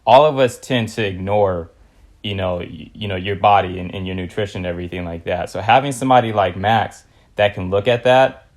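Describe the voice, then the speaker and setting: A man's voice: on the low side, brisk. A young man from California hosting a casual podcast interview, laid-back and slangy with lots of fillers. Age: young adult. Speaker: podcast host.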